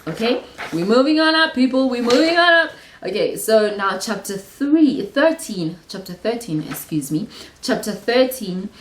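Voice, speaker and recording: A woman's voice: lowish voice, a little mellow, roomy sound, rough recording. A woman hosting a Bible study, who teaches in a casual, earnest way and thinks aloud, often restarting her sentences.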